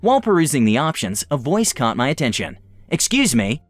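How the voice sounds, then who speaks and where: A young man reading online stories aloud with an animated, expressive delivery. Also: medium pitch, fast, dry recording. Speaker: story reader.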